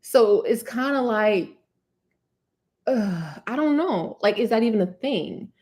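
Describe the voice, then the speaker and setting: On the high side and darkish in tone, her voice has lively intonation as she takes things slowly. She's a New Jersey woman with a matching accent running an indoor live Q&A on curly hair care, chatty and peppered with "you know what I'm saying."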